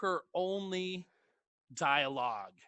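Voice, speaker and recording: A man co-hosting a casual movie podcast from home, animated and quick to laugh with jokey asides. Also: high-pitched, clear, resonant tone, no room sound. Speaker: podcast co-host. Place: his own room, recording remotely.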